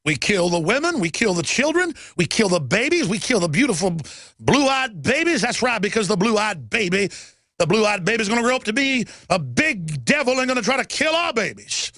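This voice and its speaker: A man mimicking a fiery, drawn-out male orator. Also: sits high, very animated, bright, forceful tone, dry recording, studio quality, voice pushed up, heavily acted. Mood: menacing.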